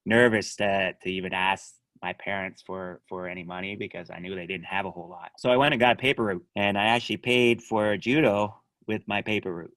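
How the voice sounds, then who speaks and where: A middle-aged man, a judo coach, chatting as a podcast guest and telling animated stories, often laughing and trailing off quietly. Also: on the low side, dry recording. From Canada. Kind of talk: casual podcast chat.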